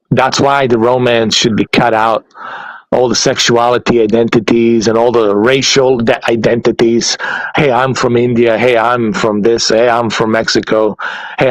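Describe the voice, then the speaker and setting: A man's voice: mid-range voice, no echo, low-quality recording. A man hosting a podcast in a casual, blunt rant, swearing heavily and laughing at his own points. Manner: heavy swearing, blunt and exasperated, laughs often. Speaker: podcast host.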